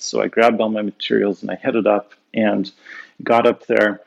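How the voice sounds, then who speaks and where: Gravelly man telling a story. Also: medium pitch, a little slow, highs cut off. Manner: animated anecdotes with frequent laughs and restarts. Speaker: guest, professor and author. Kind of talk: conversational storytelling.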